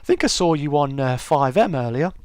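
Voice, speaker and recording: A man's voice: on the high side, animated, a little fast, a little mellow, clean tone, dry recording, studio quality. A middle-aged man hosting a casual live-stream chat, greeting viewers by name and calling them mate.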